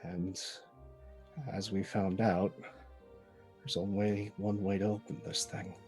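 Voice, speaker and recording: A man describes his character's actions in a tabletop game, slow and hesitant with fillers. His voice is a touch low and unhurried. Faint music runs underneath. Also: little pitch movement, darkish tone. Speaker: player. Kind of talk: tabletop role-play.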